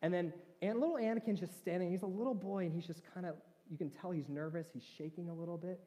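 A man's voice: sits high, fast, dark tone. A man preaching a conversational sermon, joking with his congregation. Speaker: pastor. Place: church hall. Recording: reverberant church hall.

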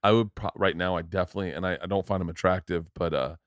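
A man's voice: low-pitched, fairly even intonation, fast talker, no echo, clean studio sound. A man guesting on a comedy podcast, crude, laughing and self-mocking. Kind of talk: casual comedy chat.

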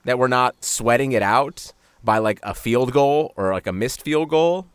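A man co-hosting a sports podcast, chatting casually and ribbing with animated sarcasm. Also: mid-range voice, a little slow, smooth, no room sound. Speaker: podcast co-host.

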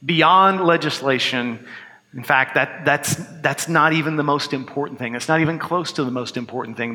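A man preaching with an earnest, conversational delivery and dry, joking asides. His voice sits a little high and sounds bright and forceful. It rings out with the long reverb of a big hall. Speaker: pastor. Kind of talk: sermon.

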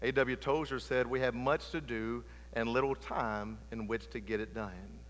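A middle-aged man preaching a sermon with passion, swinging between loud emphatic lines and hushed low ones. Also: steady tone, moderate pace. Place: church sanctuary. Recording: long reverb of a large hall.

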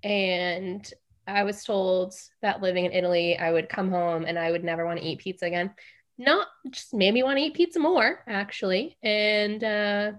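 Woman, casual chat, relaxed delivery, middle-pitched voice. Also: normal speed.

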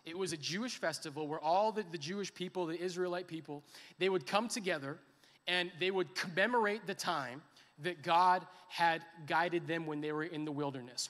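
A male pastor delivers a sermon in a high, bright voice. He builds to fervent, impassioned crying out, then pulls back to quiet, intense emphasis. The sound rings with a long reverb from a large church hall. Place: church sanctuary.

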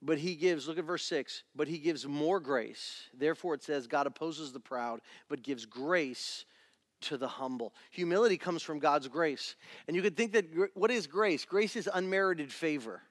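A middle-aged male pastor preaching a sermon in a church, animated and acting out little family scenes. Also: fairly high pitch, normal speed, no room sound, clean studio sound. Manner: animated, acts out family scenes in different voices.

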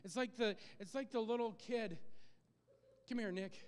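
Animated male preacher, very high voice, laughs often, long hall reverb. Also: normal speed, smooth. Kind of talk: sermon.

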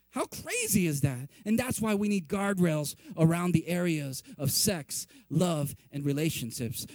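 A male pastor preaching a sermon in a conversational, animated way, acting out quoted reactions and often asking "right?". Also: high-pitched, dry recording. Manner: conversational, repeatedly asks "right?".

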